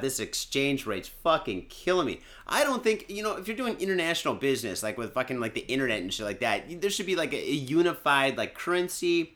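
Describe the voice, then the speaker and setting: A man's voice: a little high, bright, forceful tone. A man from Michigan hosting a podcast, chatting loosely and cursing a lot while day drinking. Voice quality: profane, loose and jokey, lots of fillers. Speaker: podcast host. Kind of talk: casual rambling podcast chat.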